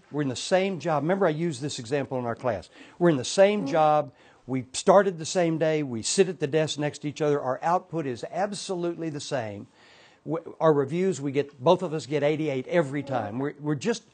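A man's voice: a little high, a little mellow. A man teaching an informal Bible class to a group, talking in a loose, conversational way with many restarts and asides.

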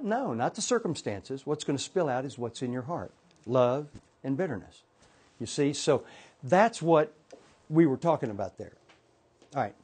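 Husky man teaching a Bible class. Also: on the high side, darkish tone. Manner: conversational, with frequent restarts and asides. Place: classroom with a group present.

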